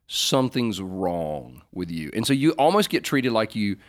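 A man's voice: lowish voice, very animated, measured pace. Joking, rambling middle-aged man. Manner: joking, rambling, self-correcting. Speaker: co-host answering listener questions. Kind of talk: casual faith advice chat.

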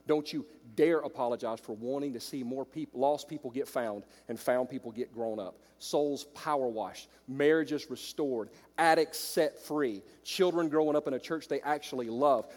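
A man preaching a sermon to church leaders, swinging from hushed asides to loud, ringing declarations. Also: mid-range voice, normal speed. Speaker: pastor. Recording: long hall reverb.

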